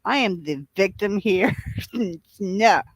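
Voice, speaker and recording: A woman's voice: medium pitch, lively intonation, takes it slowly, dry recording, low-quality recording. A woman chatting casually as a guest on a livestream, playful and teasing and laughing often.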